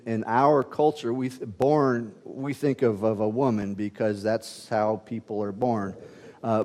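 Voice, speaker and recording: A man's voice: medium pitch, a little mellow. Preaching man in a reverberant hall. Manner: conversational teaching with frequent fillers and restarts. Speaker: pastor. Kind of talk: sermon.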